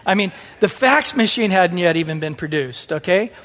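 A middle-aged man preaching a sermon in an animated way, acting out the voices he quotes. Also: high-pitched, normal speed. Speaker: pastor. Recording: long hall reverb.

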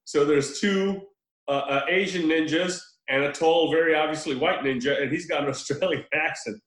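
A man on a casual film podcast, retelling a movie with animated storytelling and frequent laughs. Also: on the high side, moderate pace. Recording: echoey room.

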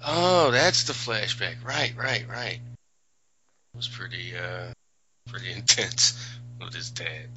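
A man's voice: low-pitched, takes it slowly, pauses often, bright, forceful tone. A man in casual chat about a TV episode, making wry, sarcastic remarks. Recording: slightly muffled lo-fi audio.

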